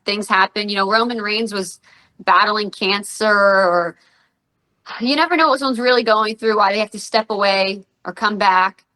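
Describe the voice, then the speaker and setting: Woman, 30s, podcast guest; bright, animated storyteller who acts out quotes. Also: medium pitch, normal speed, rough recording. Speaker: guest, professional wrestler and radio personality. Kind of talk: casual podcast interview.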